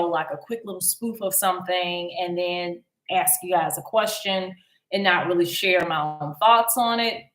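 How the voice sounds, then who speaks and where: A woman's voice: fairly low pitch, a bit bright. A woman hosting a casual commentary vlog, rambling along with many ums and restarts. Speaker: YouTube commentary host. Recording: echoey room.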